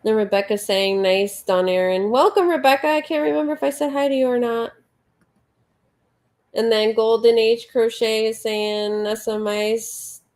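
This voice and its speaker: A woman's voice: on the high side, a little mellow. A woman hosting a casual late-night livestream, counting her crochet stitches under her breath and chatting as she reads out viewer comments. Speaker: livestream host. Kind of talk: casual live chat while crocheting.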